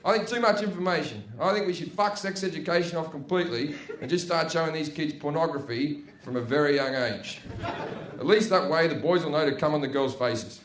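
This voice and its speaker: A man's voice: a little high, brisk. A man with an Australian accent doing a brash, profane stand-up comedy set, chatty and full of tag questions, live on stage at a comedy venue. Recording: echoey noisy live room.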